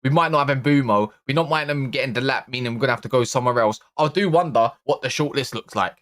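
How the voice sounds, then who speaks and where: A man's voice: mid-range voice, fast, hardly any pauses, fairly bright tone, dry recording. A man hosting a live-streamed football fan reaction, talking in exasperated, slangy bursts that rise to frantic outbursts. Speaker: football channel host. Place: indoor room.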